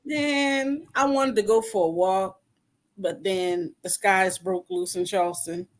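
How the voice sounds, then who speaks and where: A woman's voice: mid-range voice, takes it slowly. A woman hosting a podcast interview, talking in an encouraging, folksy way and often checking in with her listeners. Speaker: podcast host.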